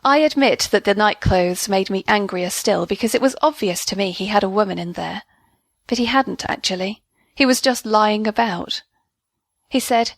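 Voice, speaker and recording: A woman narrating a first-person audio story as a comic diary, in an indignant, lively storytelling manner. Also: medium pitch, normal speed, no room sound.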